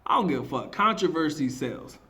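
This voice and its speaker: An animated man talking slangy and loose in a casual reaction video, his pitch swinging high and low. He is emphatic and breaks into laughs as he speaks. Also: brisk, gravelly. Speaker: marketing teacher and vlogger.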